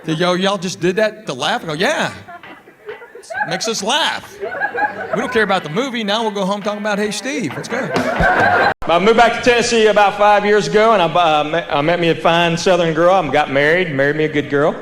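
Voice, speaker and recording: A male comedian tells a stand-up story on a theater stage. His voice sits high for a man, and he acts out the quotes as he goes. The live recording carries a long hall reverb, with clear crowd noise behind him. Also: fast. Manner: storytelling with acted-out quotes, laughing along.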